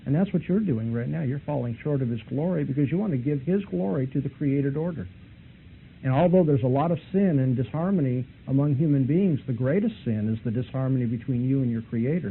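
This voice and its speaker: A man's voice: expressive, a little fast, vocal fry. Argumentative male lecturer, tinny old recording. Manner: argumentative, pitch rising as he presses a point. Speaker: Christian apologist lecturer. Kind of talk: lecture with a retold debate. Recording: tinny lo-fi recording, faint hiss.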